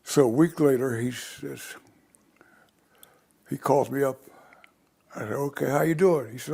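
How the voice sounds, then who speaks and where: An older man with a gravelly, somewhat husky voice tells his life stories at a steady pace. He rambles a little and slips into the voices of the people he quotes. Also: mid-range voice, a little slow, pauses often. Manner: rambling anecdotal storyteller who acts out quoted voices. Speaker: interview guest. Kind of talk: storytelling in an interview.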